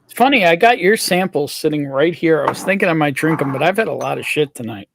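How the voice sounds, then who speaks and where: A man's voice: on the high side, animated, fast talker, gravelly, fairly bright tone, a little hiss or hum. A man hosting a casual livestream chat, rambling and swearing freely with lots of restarts. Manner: rambling, profane, restarts often. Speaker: stream host.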